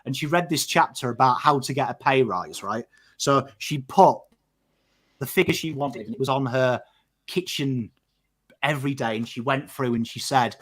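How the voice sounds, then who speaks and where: A man with an English accent hosting a casual podcast chat, animated and swearing freely, often checking in with "right?". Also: mid-range voice, moderate pace. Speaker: podcast host.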